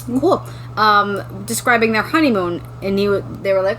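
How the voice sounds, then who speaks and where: A woman co-hosting a podcast, recapping a book in casual chat, animated and swearing freely. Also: mid-range voice, moderate pace, a little hiss or hum, rough recording. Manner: animated, swears freely, acts out quotes in silly voices. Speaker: podcast co-host.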